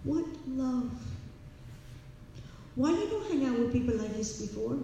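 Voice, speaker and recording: A woman voicing her elderly mother, who speaks softly and fondly. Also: sits high, big pitch swings, measured pace, creaky, noisy background, voice pushed up, exaggerated voice. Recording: echoey hall from far off.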